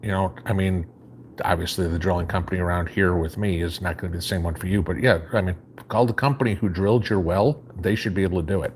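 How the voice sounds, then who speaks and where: Talking fast, a man with a very low voice and a faint Chicago accent hosts a casual live stream from his home. He reads viewer comments aloud and answers them in a relaxed, wandering way, with a faint hum under his voice.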